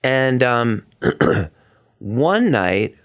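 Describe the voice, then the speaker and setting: Middle-aged male stage performer, interview guest; heartfelt, animated storyteller who acts out quotes. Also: medium pitch, very slow, clean tone. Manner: excitable, acts out quotes with big vocal swings; earnest and heartfelt.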